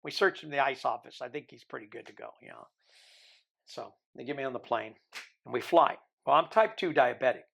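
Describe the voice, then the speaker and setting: Gravelly older guy spinning a yarn on a podcast, does little voices for people. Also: mid-range voice, fairly quick. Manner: animated storyteller who mimics the people he quotes. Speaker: guest. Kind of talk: storytelling in a podcast interview.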